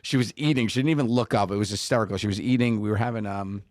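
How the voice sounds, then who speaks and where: A man's voice: lowish voice, racing, darkish tone, dry recording, clean studio sound. A man, co-hosting a podcast and telling family stories, laughing often and acting out the people he quotes. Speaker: podcast co-host. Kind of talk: casual chat, storytelling.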